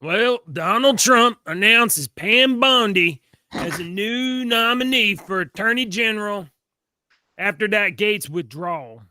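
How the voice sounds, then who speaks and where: Man putting on a slow redneck newsreader, stretched drawl, bright, dry sound. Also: high voice, lively intonation, no echo, heavily acted. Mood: deadpan.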